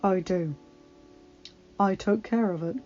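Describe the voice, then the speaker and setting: A woman voicing a devoted young husband and emperor, speaking softly and steadily. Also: slow, dull audio, faint music behind, natural voice. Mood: gentle. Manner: soft, low-key, steady.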